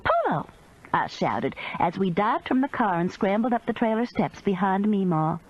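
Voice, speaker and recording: A woman reading a cozy mystery audiobook in expressive first-person narration. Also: mid-range voice, moderate pace, dull audio. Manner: expressive storytelling.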